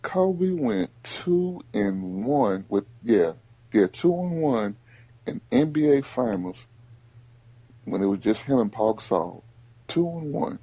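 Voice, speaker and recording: A man hosting a casual sports podcast, talking in animated bursts and repeating himself as he makes his point. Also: medium pitch, slow pace, husky, no room sound, highs cut off. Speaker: podcast host.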